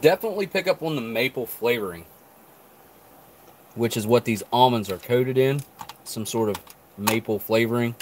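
A man's voice: mid-range voice, moderate pace, pauses often, slight background noise. A man casually reviewing rations on a live stream, thinking aloud between bites. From not Canadian. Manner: relaxed, thinking aloud while eating and chewing. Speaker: food reviewer.

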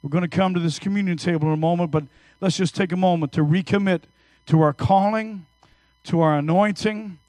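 A man in his fifties preaching a sermon in church, telling stories energetically and swinging between hushed and loud. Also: high-pitched, a little fast, no echo. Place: church service.

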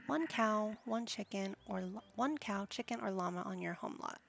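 A woman's voice: mid-range voice, normal speed, gravelly, a little hiss or hum. A woman hosting a gaming channel, chatting casually and musing to herself as she plays, sometimes dropping to a whisper. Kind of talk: casual gameplay commentary.

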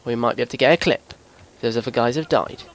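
A young man, giving excitable gameplay commentary as a video host, swearing and shouting at opponents. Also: mid-range voice, fast.

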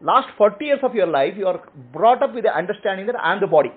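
Through a tinny, phone-style recording comes a high-pitched man who talks fast with lively intonation and a breathy edge. As a spiritual teacher, he answers questions using short repeated phrases and keeps checking "okay?".

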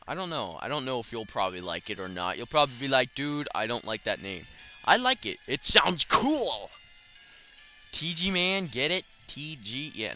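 A young man talks through a hard game with a lively, swinging pitch and a bright, sharp edge to his voice. He curses freely and bursts into frustrated shouts. Faint game music runs underneath. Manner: profane, excitable, shouts in frustration. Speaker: gaming commentator. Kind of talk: casual let's play commentary.

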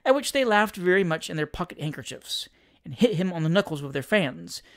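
Reading a classic comic tale for an audiobook, the narrator takes a fairly quick, dramatic, expressive approach. Each phrase swings widely in pitch, though the overall level holds at a steady middle height.

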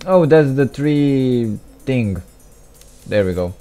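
Young man, gameplay commentary, slow, mellow, mumbly, faint music behind. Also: medium pitch, lively intonation, clear, resonant tone. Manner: mumbly, self-deprecating, frequent restarts and asides.

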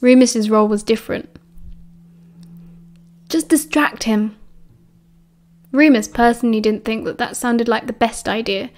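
A woman's voice: a little high, fairly even intonation, brisk, hardly any pauses, darkish tone. A woman with a British accent reading an audiobook chapter aloud, shifting her voice for the characters. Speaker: audiobook narrator.

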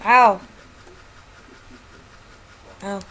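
Excitable woman gaming. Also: medium pitch, drawn-out words, a little hiss or hum, low-quality recording. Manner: excitable, exclaiming, jokey. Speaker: gaming YouTuber. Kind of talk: gameplay commentary.

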